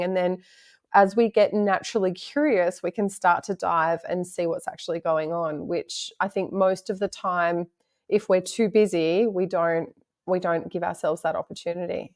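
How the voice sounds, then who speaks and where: Calm, low-voiced woman guest. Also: normal speed. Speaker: podcast guest. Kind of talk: casual conversational interview.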